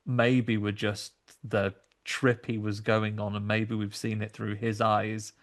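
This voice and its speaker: A man's voice: lowish voice, little pitch movement, slow. A man, co-hosting a podcast and talking through a horror film in thoughtful, rambling analysis. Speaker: podcast co-host. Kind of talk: casual film review chat.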